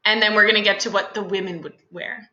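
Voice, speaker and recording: Bright-voiced woman teaching a lesson. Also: medium pitch, fairly even intonation, quick pace, reverberant, lo-fi sound. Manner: chatty, many fillers and asides. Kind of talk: casual classroom video lesson.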